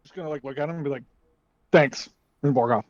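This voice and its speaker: A man playing a tabletop game, gruff and swearing often while he describes his character. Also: mid-range voice, racing, a little mellow, no echo, highs cut off. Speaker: player. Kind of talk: casual tabletop play.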